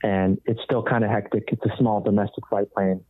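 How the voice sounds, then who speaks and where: A man, a rock guitarist and podcast guest, telling a story in a casual, animated way and acting out the other people's voices. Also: fairly low pitch, brisk, no echo. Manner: animated, acts out quoted voices. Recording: tinny phone-like dry audio.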